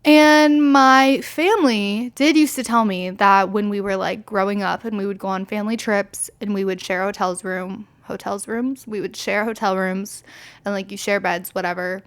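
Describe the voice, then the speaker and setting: A woman's voice: medium pitch, steady tone, moderate pace, clean tone. A young woman in her twenties hosting a podcast, telling rambling stories in casual chat and laughing often. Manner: chatty, giggly, rambling storyteller. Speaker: podcast host.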